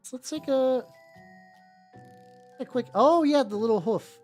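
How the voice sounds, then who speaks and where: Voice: sits high, a little slow, darkish tone. A streamer chatting casually while painting miniatures, rambling with lots of fillers and casual swearing, with no notable accent. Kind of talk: casual live-stream chat. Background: faint background music.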